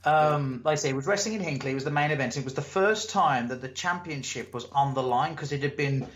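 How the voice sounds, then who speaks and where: A man's voice: medium pitch, fast talker. Guy telling wrestling stories. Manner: animated storyteller, acts out crowd and promoter; swears casually. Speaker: wrestler, interview guest. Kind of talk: casual storytelling interview. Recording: echoey room, muffled lo-fi sound.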